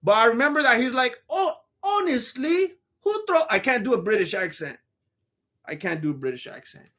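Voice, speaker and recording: A man's voice: sits high, sing-song, brisk, sharp tone. A man streaming live, chatting casually about fights in a rambling, slangy, joking way while reading messages from chat.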